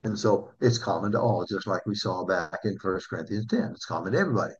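A male pastor delivering a sermon in a husky, slightly breathy voice. He speaks earnestly, asks his listeners questions, and slows down when reading scripture. The recording sounds dull and lo-fi. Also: deep voice.

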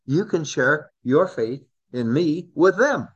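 A man's voice: on the high side, lively intonation, slow, breathy edge. Man, Bible study teacher, conversational, repeats himself, asks questions, muffled recording. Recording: dull lo-fi recording.

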